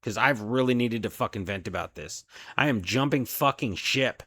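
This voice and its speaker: A man's voice: mid-range voice, animated, moderate pace, a bit bright, slightly rough, no room sound. A man, a delivery driver, venting in an angry, profane solo rant about his job. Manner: profane, heated, frustrated.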